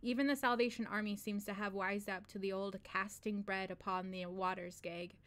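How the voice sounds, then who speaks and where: A woman's voice: mid-range voice, steady tone, normal speed, a bit bright, clear, resonant tone. A woman hosting a read-along, reading a short story aloud in a loose, slangy first-person voice and breaking off for casual asides where she laughs and swears. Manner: reads a street-wise first-person narrator in a loose, slangy drawl.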